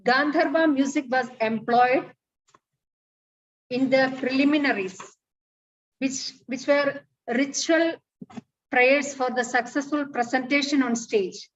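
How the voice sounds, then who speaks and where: A woman reading an academic paper in a measured, formal way, reciting Sanskrit verses. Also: high-pitched, far from the mic, highs cut off.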